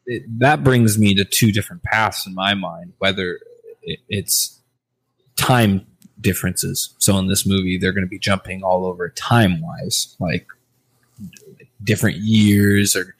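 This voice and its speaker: A man with a low voice in casual podcast chat. He rambles loosely, circles back on his thoughts and swears casually. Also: husky. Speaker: podcast co-host.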